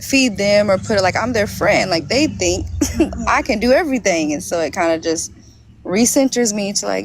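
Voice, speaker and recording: A woman's voice: mid-range voice, animated, fairly quick. Hesitant young woman in casual chat. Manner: hesitant, many fillers and restarts. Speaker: podcast guest. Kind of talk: casual conversation.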